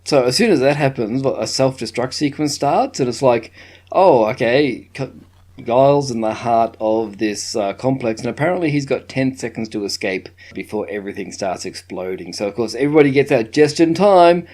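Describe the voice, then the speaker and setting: An animated man hosting a podcast, talking through a film in a casual way. His voice jumps up and down a lot as he acts out scenes and laughs along. He sits at a middle pitch. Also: moderate pace. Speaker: podcast co-host. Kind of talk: casual film review chat.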